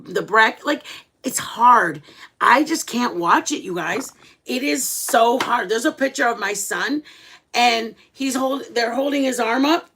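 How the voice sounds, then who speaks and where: A middle-aged woman hosting a livestream, chatting casually with viewers and telling stories dramatically. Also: a little high. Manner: animated, chatty, dramatic storytelling. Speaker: livestream host.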